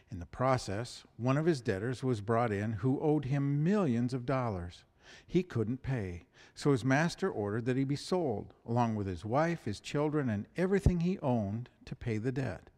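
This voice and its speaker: A man preaching a sermon, reading scripture and telling a fable with animated delivery. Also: medium pitch. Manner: animated storytelling, voices the animals. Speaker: pastor. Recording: long hall reverb.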